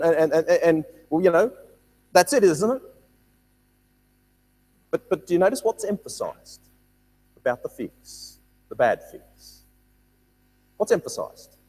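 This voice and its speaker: A man leads a Bible study, reading verses and then pressing his points with repetition. His voice sits a little high and slightly husky, rising and falling in a lively way. The sound carries a long hall reverb. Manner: animated, repeats words, reads scripture aloud. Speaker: Bible teacher.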